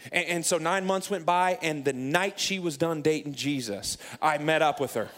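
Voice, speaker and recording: Animated, self-mocking pastor telling a story. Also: male voice, a little high, moderate pace. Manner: animated, self-mocking, acts out his own lines. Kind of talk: sermon storytelling.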